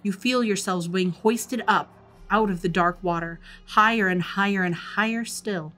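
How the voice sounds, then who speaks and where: A woman narrating a folk horror tabletop game as dungeon master, describing scenes calmly. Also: medium pitch, moderate pace, soft background music.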